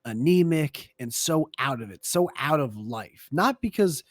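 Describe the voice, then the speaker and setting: A man's voice: fairly high pitch, animated, unhurried, no echo, clean studio sound. A man co-hosting a casual podcast, telling a long rambling story with plenty of swearing. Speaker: podcast co-host.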